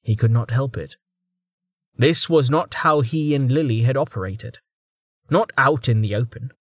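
A man narrating a fantasy audiobook in a calm, measured storytelling voice. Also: medium pitch, no room sound, clean studio sound. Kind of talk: scripted narration.

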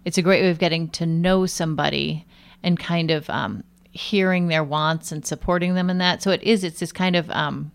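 Woman interviewee, healthcare guest; deep, slightly fried voice; relaxed, animated, rambling delivery. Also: normal speed, vocal fry, clear, resonant tone. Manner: chatty, animated storytelling with many fillers. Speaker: nurse and aromatherapist guest. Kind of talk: casual interview chat.

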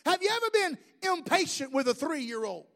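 A man in his fifties, a pastor preaching an animated sermon full of rhetorical questions. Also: very high voice, moderate pace.

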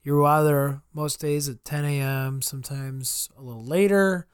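A man's voice: mid-range voice, fairly even intonation, moderate pace, clean tone, no room sound, clean studio sound. A man co-hosting a podcast, telling a long rambling story in casual chat and acting out customers in quotes. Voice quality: swears freely. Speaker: podcast co-host.

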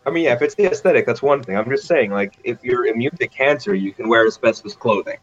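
A man's voice: mid-range voice, fast talker, lo-fi sound. A man playing a tabletop game who makes joking asides out of character. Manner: wisecracking asides. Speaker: player. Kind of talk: casual joking banter.

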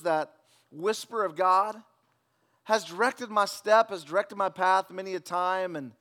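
A male pastor with a high voice preaches a sermon, telling stories in a lively way with jokes, repeated words and sudden drops to a near hush.

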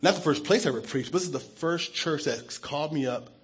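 A man who is a pastor, giving an earnest and emotional testimony sermon, his voice dropping soft when he is moved. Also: fairly high pitch, a little fast, breathy edge.

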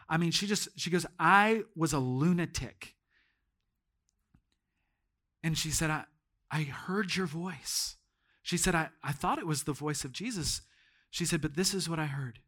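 Pastor guy preaching in church, high bright voice, goes from quiet to shouting. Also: measured pace. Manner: storytelling, swings from hushed to shouting. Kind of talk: sermon.

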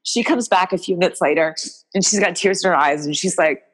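A woman's voice: on the low side, a little fast. A woman guest in an interview, telling a personal story in a rambling, emotional way with many restarts. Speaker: guest, game creator.

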